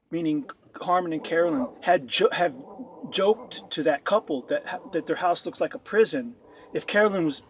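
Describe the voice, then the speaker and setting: A man's voice: high voice, a little hiss or hum. A man commenting on a video with sarcastic, incredulous remarks, often repeating himself, recorded at home. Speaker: YouTube commentator.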